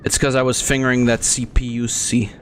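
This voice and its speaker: A young man chatting loosely over his gameplay, with a voice of middling pitch that drifts between topics. He talks crudely, swears freely, and rambles from one aside to the next. A faint bit of music sits underneath him. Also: little pitch movement, brisk. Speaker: gaming channel host. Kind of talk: casual gameplay commentary.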